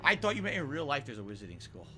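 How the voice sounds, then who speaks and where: A man streaming a video game, chatting casually and swinging from loud excited outbursts to low muttering. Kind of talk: casual gameplay commentary.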